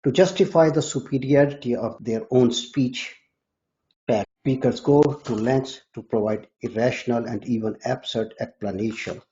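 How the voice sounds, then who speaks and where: A man discussing linguistics on a podcast in a measured, lecture-like way. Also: medium pitch, mellow, lo-fi sound. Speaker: linguistics scholar.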